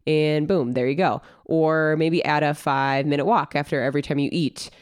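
A woman co-hosts a casual fitness podcast, her voice a little nasal from a recent cold. She sounds smooth and clear in a dry, close recording, and gives easygoing coaching advice full of fillers. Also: deep voice, moderate pace, no echo. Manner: relaxed, filler-heavy, coaching tone. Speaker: podcast co-host and trainer.

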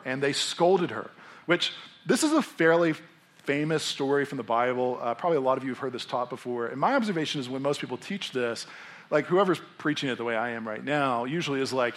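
Animated, casual-spoken man preaching a sermon. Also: a little high, fast. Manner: animated, conversational, acts out characters. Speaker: pastor.

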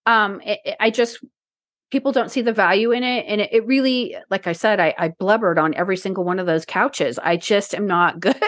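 A woman with a fairly high voice chats on a podcast, rambling and restarting her sentences. She sounds teary, close to crying. The sound is dry and close, with no room echo. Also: a bit bright. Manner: emotional, rambling with many restarts. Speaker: podcast co-host. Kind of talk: casual podcast chat.

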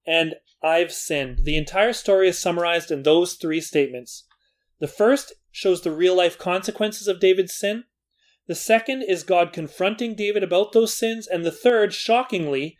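A man teaching a Bible lesson in an earnest, scripted way, with self-deprecating asides. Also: fairly high pitch. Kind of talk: scripted Bible study narration.

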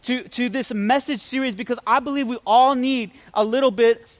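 High-voiced pastor preaching with energy. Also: male voice, moderate pace. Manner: energetic storytelling with humor and call-outs to the audience. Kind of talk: livestreamed sermon.

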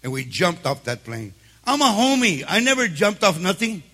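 A man in his seventies preaching a sermon, telling his own stories in a streetwise way and building up to shouted exhortation. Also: high-pitched, big pitch swings, moderate pace, slightly rough. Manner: streetwise, repeats words at restarts.

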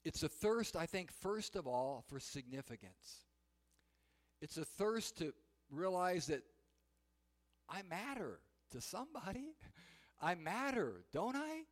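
A man delivers a sermon in a high voice, telling a story with lively energy and sometimes crying out loud. His voice rings through a space with long reverb. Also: slow pace, pauses often. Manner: animated storytelling, shouting quoted cries. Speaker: preacher.

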